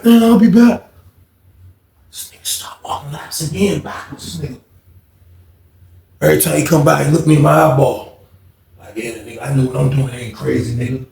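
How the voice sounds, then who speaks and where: Young guy telling a story, animated, mutters then shouts, kinda high voice, echoey room. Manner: animated, swings from low mutter to loud shouts acting out quotes. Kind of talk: casual storytime monologue.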